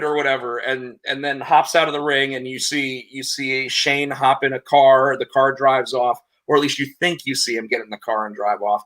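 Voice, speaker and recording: Bright-voiced man, rambling casual chat. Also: medium pitch. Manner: rambling, animated retelling with repeated words. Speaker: podcast co-host. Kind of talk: casual chat, recapping wrestling.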